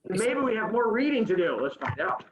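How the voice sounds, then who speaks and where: A male teacher reads a story to his class over a video call and breaks off for playful jokes with the students. His voice sits high and swoops widely up and down. The call audio is muffled and low-fidelity. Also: big pitch swings, a little fast, a little hiss or hum. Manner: playful, joking asides to students. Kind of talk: reading a story aloud to a class. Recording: dull lo-fi sound.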